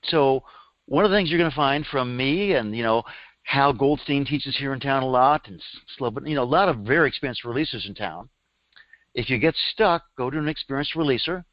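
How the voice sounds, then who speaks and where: A man's voice: mid-range voice, dry recording. A middle-aged man leading a live workshop, telling stories in a chatty way and laughing at them. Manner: chatty storytelling, laughs at his own stories. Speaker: workshop teacher. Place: room with a live audience. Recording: dull dry lo-fi recording.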